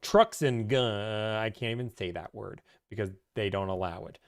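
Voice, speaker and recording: A man giving car-buying advice on a live stream, chatty and animated, cracking jokes as he talks. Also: mid-range voice, moderate pace, clear, resonant tone. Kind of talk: casual live-stream talk.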